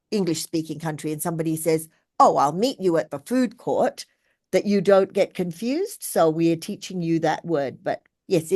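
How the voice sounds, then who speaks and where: A woman's voice: on the low side, darkish tone. Aussie lady teacher on a video call, friendly and chatty, calling on students. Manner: chatty and encouraging, calls on students. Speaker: English teacher. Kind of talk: online English lesson.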